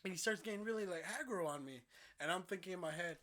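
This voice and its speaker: A man's voice: sits high, fast, bright, forceful tone. A young man co-hosting a casual gaming podcast, telling a story with frequent laughter and swearing. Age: young adult. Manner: laughs often while telling stories, swears. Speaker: podcast co-host.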